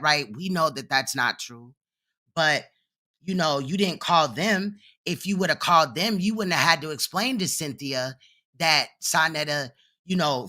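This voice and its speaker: A man's voice: fairly high pitch, pushed and bright. A man hosting a reaction commentary, talking bluntly and profanely and mocking the clip he plays. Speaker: commentary host.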